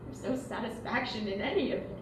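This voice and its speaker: A woman's voice: a little high, fairly quick, noisy background, natural voice. An actress playing a despairing young woman near twenty-four, tearful and breaking in stage acting, recorded from a distance in an echoey room. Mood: bleak. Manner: tearful, breaking between sobs and hushed despair.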